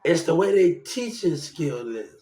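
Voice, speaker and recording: Heated young man with a high voice. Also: sing-song, measured pace, dark tone, echoey room. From New Orleans, Louisiana. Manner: rambling, heated, swears often. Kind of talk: casual ranting monologue.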